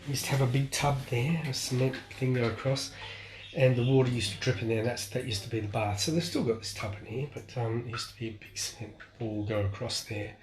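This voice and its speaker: A man's voice: medium pitch, fairly even intonation, a little fast, slight background noise. A man, chatting casually on a live stream and showing things around a house. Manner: chatty, exclaims often, swears lightly.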